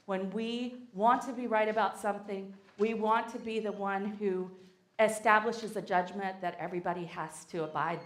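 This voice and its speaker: Playful Southern woman preaching in an echoey church. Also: medium pitch. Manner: playful, leads the congregation in call-and-response. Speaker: guest speaker. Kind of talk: sermon. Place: church sanctuary. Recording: echoey sanctuary.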